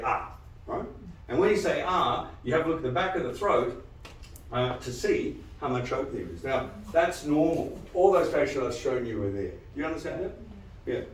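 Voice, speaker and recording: A man giving a live lecture to dentists, animated and quizzing the audience with frequent questions. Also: medium pitch, roomy sound, recorded from a distance, slight background noise, poor audio. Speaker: dental lecturer.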